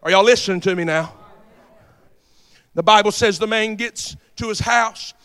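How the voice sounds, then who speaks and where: A male preacher with a strikingly high voice delivers a fervent sermon. He builds to shouts and keeps calling out to the congregation to stay with him. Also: normal speed, smooth.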